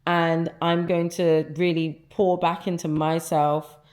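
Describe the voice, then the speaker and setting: A woman's voice: on the low side, little pitch movement, takes it slowly, a little mellow. A young woman vlogging casually from her apartment, chatty and enthusiastic with lots of fillers. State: out of breath. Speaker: lifestyle vlogger. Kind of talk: casual vlog chat. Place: her apartment living room, indoors.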